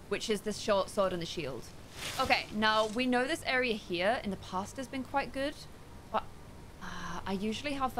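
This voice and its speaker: A young woman streaming a game, chatting excitedly with her viewers while losing her voice. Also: medium pitch, slight background noise. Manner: chatty, excitable, talks to herself while playing. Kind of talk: casual gameplay chat with viewers.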